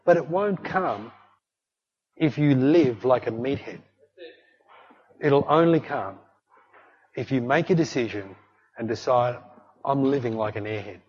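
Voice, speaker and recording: Pastor, male, husky voice, lively storyteller in a sermon, dull lo-fi recording. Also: medium pitch, slow pace, long pauses. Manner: animated storyteller acting out dialogue.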